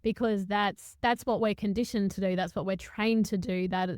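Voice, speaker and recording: Smooth-voiced woman podcast host, reflective. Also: mid-range voice, steady tone, darkish tone, dry recording, studio quality. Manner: halting, searching for words, lots of restarts; spiritual, reflective tone. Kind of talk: reflective conversational podcast talk.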